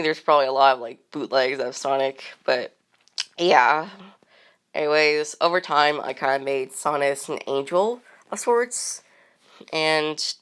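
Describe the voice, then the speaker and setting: Rambling young-sounding woman, smooth voice. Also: low-pitched, a bit bright. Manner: rambling, with many fillers and frequent laughs. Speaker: artist and channel host. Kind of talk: casual unscripted chat.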